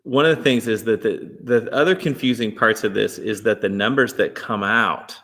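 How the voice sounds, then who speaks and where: A man's voice: lowish voice, normal speed, fairly bright tone, in a large hall. A man from Texas hosting an interview, rambling and correcting himself as he chats. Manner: rambling, self-correcting, chatty. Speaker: host. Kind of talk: casual interview chat.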